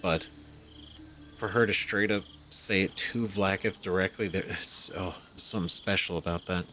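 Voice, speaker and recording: A man's voice: low voice, steady tone, measured pace, bright, forceful tone. A man giving rambling, emphatic, casual commentary on a game he is playing. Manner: rambling, emphatic, swearing, restarts. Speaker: let's-play host. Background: game music.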